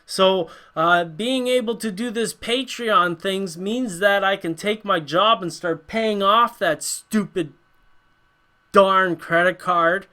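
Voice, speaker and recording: A man's voice: high-pitched, takes it slowly, bright, forceful tone. A man from North America hosting a casual livestream Q&A, rambling with lots of fillers and frequent chuckles. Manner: rambling, laughs often, many fillers. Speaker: livestream host.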